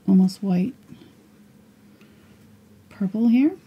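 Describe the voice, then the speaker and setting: A woman teaching a live painting lesson, her voice hoarse and fading as she talks quietly through each brushstroke. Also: fairly low pitch, fairly even intonation, a little slow, lo-fi sound. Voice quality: husky, gravelly. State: losing her voice. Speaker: painting instructor.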